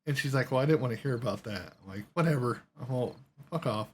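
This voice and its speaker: A man's voice: mid-range voice, quick pace, darkish tone, husky. A man telling a long story while playing a game, rambling along with lots of swearing and quoted voices. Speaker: gaming streamer.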